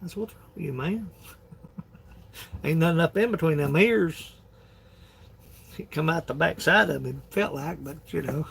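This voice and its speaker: Gravelly folksy man on a phone. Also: a little high, normal speed, pauses often. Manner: folksy, rambling, laughs often. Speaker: livestream host. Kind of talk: casual livestream chat.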